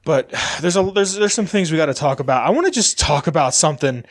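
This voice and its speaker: A young man co-hosting a podcast, chatting casually and telling a story with lively energy and plenty of swearing. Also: fairly high pitch, fast talker. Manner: animated storytelling, swears freely. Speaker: podcast co-host. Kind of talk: casual chat.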